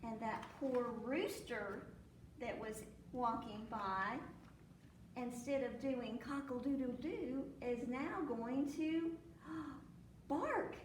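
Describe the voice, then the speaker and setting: Animated woman reading a children's story. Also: a little high, slow. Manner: animated, with acted sneezes and animal sounds. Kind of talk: children's storytime read-aloud. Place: library room. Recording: echoey room, mic at a distance, faint noise.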